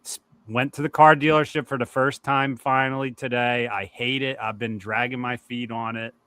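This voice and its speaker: Male co-host from Philly, bright forward tone, dry close sound, candid rambling chat. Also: mid-range voice, steady tone, normal speed, no echo. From Philadelphia. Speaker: podcast co-host. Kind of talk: casual chat.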